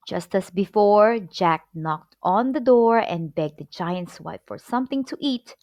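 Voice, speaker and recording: Woman, storyteller, children's story read aloud, expressive, lively pitch, slow, dry close sound. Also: dry recording, dull audio. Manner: expressive, clear storybook delivery.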